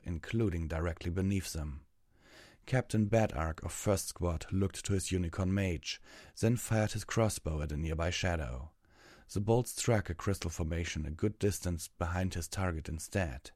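A man narrating a fantasy story in a steady, measured audiobook reading. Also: low voice, dry recording, studio quality.

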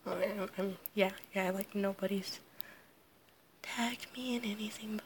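An audio creator records herself answering a questionnaire, her voice hoarse, sickly, and half-whispered. She stumbles along, keeps apologizing, and laughs nervously in this casual solo take. Her pitch is mid-range with fairly even intonation, and there's a slight hiss or hum.

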